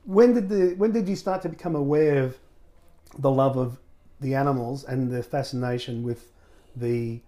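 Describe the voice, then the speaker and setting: Mellow-voiced interviewer. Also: male voice, medium pitch, moderate pace. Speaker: interviewer, podcast host. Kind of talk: conversational interview.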